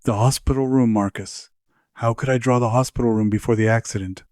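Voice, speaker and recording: A man's voice: medium pitch, fairly even intonation, brisk, darkish tone, no room sound, clean studio sound, natural voice. A man voicing a frightened young woman whose voice is tight and on edge. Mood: insistent.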